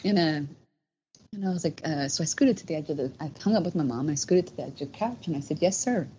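A woman's voice: deep voice, fast, mellow. A middle-aged woman telling a personal story in casual chat, with many fillers. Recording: dull, slightly noisy sound.

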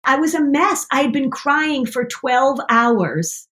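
A woman's voice: high-pitched, normal speed, few pauses, fairly bright tone. Middle-aged woman co-host, self-deprecating storyteller, laughs easily. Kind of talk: casual chat, storytelling.

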